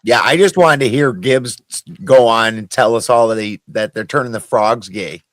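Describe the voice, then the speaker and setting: A man's voice: medium pitch, moderate pace, a bit bright, no room sound. A man panelist on a live stream, amused and swearing in casual chat.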